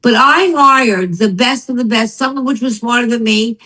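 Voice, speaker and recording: An older woman, a business founder and guest, telling her story in an interview with emphatic, animated delivery. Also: fairly high pitch, moderate pace, low-quality recording.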